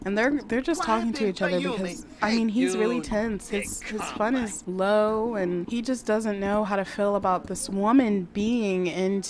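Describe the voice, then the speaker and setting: A woman commenting casually on a life-simulation game, chatty and excitable, often laughing and doing quick voices. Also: mid-range voice, crowd noise. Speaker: gaming vlogger. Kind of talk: casual let's-play commentary. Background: background music.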